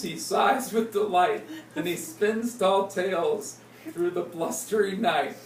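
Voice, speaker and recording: A woman slowly reading a picture book aloud to small children, playful and stopping to ask them questions. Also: lowish voice. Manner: slow, playful, asks the kids questions. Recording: roomy, distant, noisy home recording.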